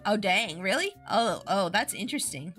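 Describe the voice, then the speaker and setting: A woman's voice: medium pitch, big pitch swings, moderate pace, fairly bright tone, soft background music. A woman streamer chatting casually, rambling with lots of fillers and giggles. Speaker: VTuber streamer.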